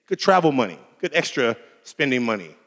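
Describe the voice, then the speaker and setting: A man's voice: mid-range voice, brisk. A man giving a keynote talk, telling a personal story in a casual, conversational way and acting out the dialogue. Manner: animated, acts out dialogue in different voices. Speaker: keynote speaker. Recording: long hall reverb.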